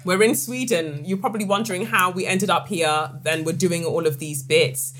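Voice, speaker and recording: A woman's voice: on the low side, little pitch movement, moderate pace. A woman from England hosting a podcast, exuberant and teasing, chatting with guests. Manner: exuberant, teasing, loud bursts of laughter. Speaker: podcast host. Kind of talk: lively group chat with laughter. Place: room with a group of guests.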